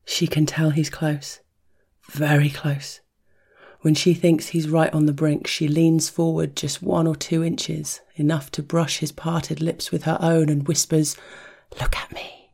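Mellow, breathy narrator for an erotic audio story; soft whispered delivery, even and unhurried. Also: mid-range voice. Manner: soft, hushed, rhythmic delivery that drops into whispers. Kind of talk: slow intimate erotic story reading.

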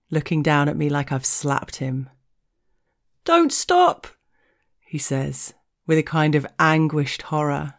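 Slow, low-voiced woman telling an erotic story. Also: a little mellow. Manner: frank, unhurried, drops into whispers. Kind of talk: explicit erotic story narration.

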